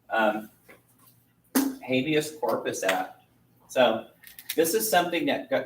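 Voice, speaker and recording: A man teaching a history lesson in a casual, chatty way, stretching out his phrases, recorded from a distance in a classroom. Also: mid-range voice. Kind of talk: classroom lecture. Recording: roomy, distant mic, faint noise.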